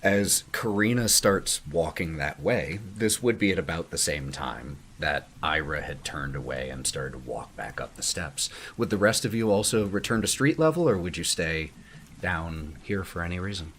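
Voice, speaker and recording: A man running a tabletop horror game as game master, giving measured, descriptive narration with casual asides. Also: low voice, expressive, fairly bright tone, a little hiss or hum.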